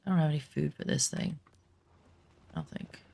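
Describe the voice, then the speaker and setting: A woman's voice: sits low, moderate pace, vocal fry, mellow, breathy edge. A woman gamer chatting casually while she plays, rambling through stories and murmuring to herself. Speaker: gaming streamer. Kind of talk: casual chat while gaming.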